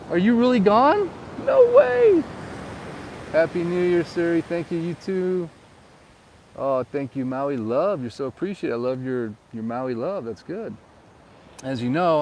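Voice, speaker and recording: A man in his forties, a real estate agent, chatting casually with live viewers outdoors and jumping into high squeals of excitement now and then. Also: a little hiss or hum. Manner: laid-back and playful, bursting into high squeals of excitement. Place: outdoors on the island, riding a golf cart near the surf.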